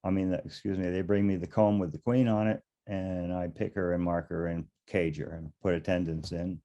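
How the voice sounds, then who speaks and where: A man's voice: low-pitched, flat delivery, a little fast, dark tone, muffled recording. An older man, a beekeeper and interview guest, telling stories casually in a rambling way, chuckling now and then and often restarting his sentences. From United States.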